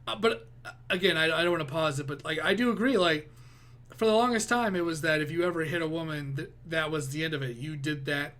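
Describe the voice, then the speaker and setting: A man's voice: on the high side, fast, a bit bright. A man giving casual, profane reaction commentary, rambling with many restarts. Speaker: reaction video host.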